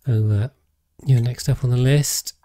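A man's voice: mid-range voice, fairly even intonation, a little slow, mellow, no room sound. A man chatting casually on a livestream while playing a game, rambling with frequent hesitations and self-corrections. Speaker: game streamer.

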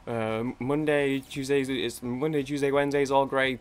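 A man's voice: mid-range voice, fairly even intonation, a little fast, few pauses, soft background music. A young man rambling casually while playing a video game, swearing and often cutting himself off mid-sentence. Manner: rambling, self-interrupting, swears freely. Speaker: gaming YouTuber.

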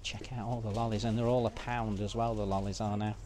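A man's voice: lowish voice, flat delivery, fast talker, mellow, slight background noise. A man chatting casually to camera in a walking vlog outdoors, rambling with lots of fillers. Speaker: vlogger. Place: outdoors at a seaside resort street.

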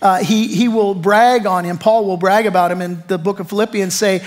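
A man's voice: sits high, fairly even intonation, normal speed, few pauses. Man, middle-aged, pastor delivering a chatty, punchy sermon. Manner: conversational, emphatic preaching with rhetorical questions.

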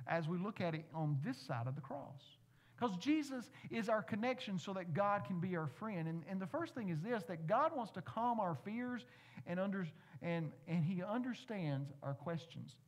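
A man, a pastor, giving a conversational sermon, asking the congregation questions with playful asides. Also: high voice.

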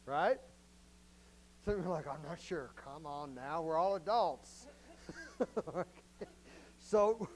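A man's voice: fairly high pitch, animated, slow, pauses often, rough recording. Joking, conversational male pastor preaching. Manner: conversational, joking, asks the congregation questions. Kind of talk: sermon.

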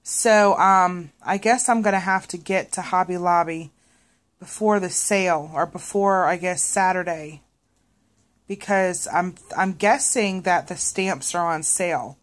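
A woman's voice: fairly low pitch, unhurried. A woman chatting casually to viewers in a craft vlog, rambling with many fillers and restarts. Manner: animated when retelling a scene. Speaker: craft vlogger.

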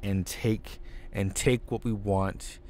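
A man doing a slow gloating wrestling villain. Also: fairly even intonation, a little mellow, a little hiss or hum. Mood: gloating menace. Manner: slow, low, drawn-out delivery.

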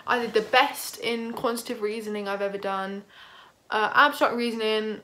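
A young woman with a slightly high voice tells a story to camera in a chatty, animated vlog style. She keeps slipping into acted-out quotes and fillers. Faint room ambience hums behind her. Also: moderate pace, background noise. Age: young adult. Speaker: vlogger.

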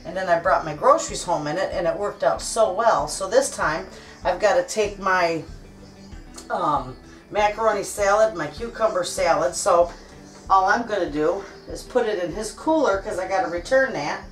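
A woman's voice: on the low side, moderate pace, far from the mic, faint music behind. A middle-aged woman chatting in a folksy, friendly way with her viewers while she cooks in her home kitchen. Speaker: cooking vlogger. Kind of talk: casual kitchen chat while cooking.

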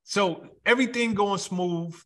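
A man's voice: high-pitched, measured pace, bright, forceful tone. A man hosting a casual interview, asking questions with hesitant restarts. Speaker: interview host.

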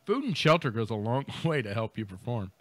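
A man's voice: medium pitch, very animated, a little fast, fairly bright tone, dry recording. A man co-hosting a podcast, reading out a news story and riffing on it with jokes, laughter and mock voices. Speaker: podcast co-host. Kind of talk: comedic news commentary.

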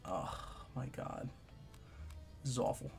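Young male gamer, lively swearing commentary, game music faintly under. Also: mid-range voice, slow pace, gravelly. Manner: profane, trash-talking, swings between loud outbursts and mutters. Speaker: gaming YouTuber. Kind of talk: live gameplay commentary.

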